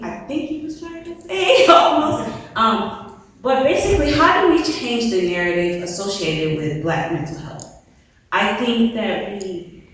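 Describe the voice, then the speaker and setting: A young woman from the audience asking a question at a public forum, hesitant with many pauses. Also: medium pitch, recorded from a distance, slight background noise. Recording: echoey hall recording from afar.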